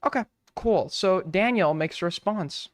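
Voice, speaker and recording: High, crisp-voiced male streamer, dry sound. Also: lively intonation, a little slow, no room sound. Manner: crude, rambling, irreverent. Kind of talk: casual live-stream commentary.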